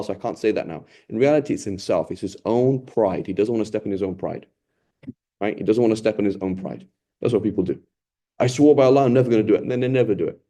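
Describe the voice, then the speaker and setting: A man teaching a Ramadan Quran lesson in a conversational, emphatic way, asking rhetorical questions and acting out what people say. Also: on the low side. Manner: acts out quoted people in lively voices.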